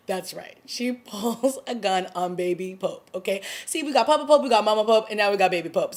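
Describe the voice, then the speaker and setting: Woman chatting about last night's episode, gossipy and excited, voicing all the characters. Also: mid-range voice, brisk, few pauses. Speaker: TV review vlogger. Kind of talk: casual chat.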